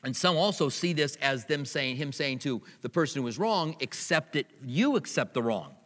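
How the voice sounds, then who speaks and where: A man's voice: medium pitch, lively intonation, normal speed, a bit bright. A middle-aged man preaching a sermon as pastor, in a conversational way with personal stories, in a church hall.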